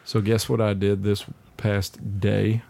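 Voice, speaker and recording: Mellow, low-voiced man joking over beer. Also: flat delivery, slow pace, gravelly, slight background noise. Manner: joking, rambling, laughs often. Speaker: podcast co-host. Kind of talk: casual chat while tasting beer.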